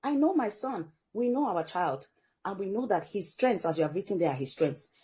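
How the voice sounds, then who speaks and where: Middle-aged african-born mom telling a story, lively, acts out every voice she quotes. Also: mid-range voice, moderate pace. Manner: animated storyteller who acts out quoted dialogue. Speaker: guest parent. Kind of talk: storytelling in a podcast interview.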